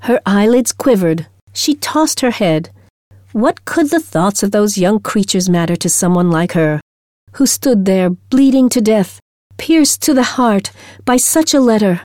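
A woman reading a short story aloud in a slow, deliberate storytelling manner. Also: mid-range voice, expressive, darkish tone, no room sound, clean studio sound. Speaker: audiobook narrator. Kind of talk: scripted narration of a short story.

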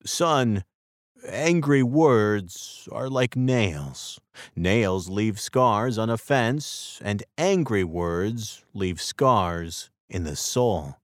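A man voicing a patient, wise father who speaks slowly and calmly, in a textbook story reading. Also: fairly low pitch, no echo, clean studio sound. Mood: gentle, wise. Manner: slow, calm and instructive. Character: patient, wise father teaching his son.

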